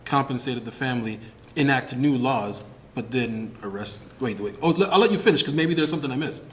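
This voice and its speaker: A man's voice: mid-range voice, brisk. A man co-hosting a podcast, asking wry, probing questions in casual talk. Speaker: podcast co-host.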